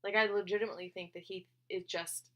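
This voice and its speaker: A woman's voice: medium pitch, steady tone, quick pace, bright, forceful tone, muffled recording. A woman co-hosting a casual sports podcast, enthusiastic and opinionated, often restarting her sentences. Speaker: co-host, MMA editor.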